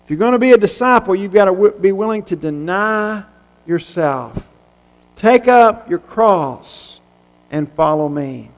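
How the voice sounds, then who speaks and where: Man, preacher, high voice, conversational sermon, rhetorical questions, reverberant hall. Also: expressive, measured pace.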